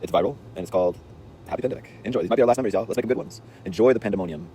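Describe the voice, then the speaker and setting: A man's voice: on the low side, rapid-fire, mellow, a little hiss or hum. A man telling a story in a casual, rambling, slangy monologue, intense in delivery, recorded outdoors on a city street.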